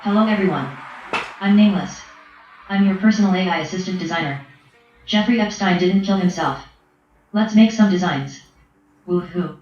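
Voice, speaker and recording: A robotic text-to-speech woman's voice playing a personal AI assistant, flat and synthetic, heard in a roomy, dull recording. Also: lowish voice, moderate pace, long pauses, soft background music. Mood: chipper.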